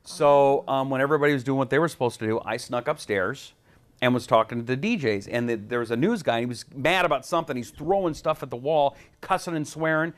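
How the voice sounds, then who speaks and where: Male talk-radio host, quick rapid delivery, mid pitch, anecdotal. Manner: rapid, animated anecdotes with quoted voices. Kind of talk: casual interview storytelling.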